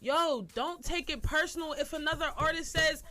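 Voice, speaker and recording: A woman's voice: high-pitched, moderate pace, pushed and bright. A woman guest, a music artist, chatting casually and repeating herself for emphasis. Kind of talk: casual chat.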